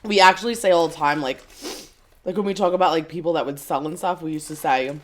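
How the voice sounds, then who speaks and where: A woman's voice: sits low, fast talker. A woman co-hosting a podcast in casual chat, telling stories with lots of "like". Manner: chatty storyteller, lots of "like". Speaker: podcast co-host.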